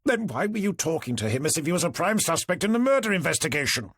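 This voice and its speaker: A man doing a booming blustery superintendent. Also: big pitch swings, fast talker, a bit bright, dry recording, studio quality, heavily acted. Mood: angry. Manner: booming, jovial and ingratiating.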